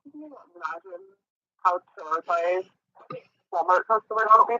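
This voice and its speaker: A woman guest chats in a bright, sharp voice, teasing and affectionate. Her voice comes through a dry, tinny call line. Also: lowish voice, sing-song, gravelly, no echo. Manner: teasing, affectionate, quick asides. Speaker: guest artist. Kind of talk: casual chat.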